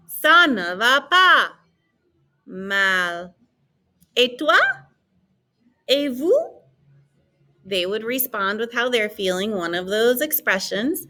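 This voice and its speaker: A woman teaching a beginner language lesson, modeling words slowly and clearly for students to repeat. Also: on the high side, a bit bright. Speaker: French teacher.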